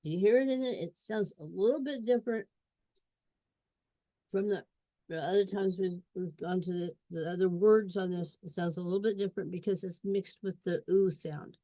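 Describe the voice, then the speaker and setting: A woman's mellow voice, on the low side and at a moderate pace, leads an instructional reading walkthrough where she repeats sounds and words. The recording is dull and lo-fi, with no echo.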